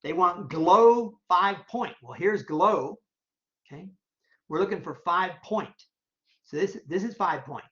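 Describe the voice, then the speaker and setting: A professor talking through a software demo on a screen recording, casually thinking aloud while checking each option and repeating phrases. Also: mid-range voice, animated, slow pace. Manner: casual, chatty explaining with verbal tics. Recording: dull lo-fi recording.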